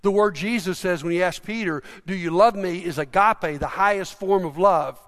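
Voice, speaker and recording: A man preaching a sermon, retelling scripture as a story and acting out the quoted lines, swinging from loud to hushed. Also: high-pitched, moderate pace, big-room sound.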